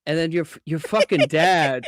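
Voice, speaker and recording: A man calling in to a show, joking in a deadpan, profane ramble. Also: fairly high pitch, normal speed, a crowd in the background. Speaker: caller. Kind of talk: joking call-in.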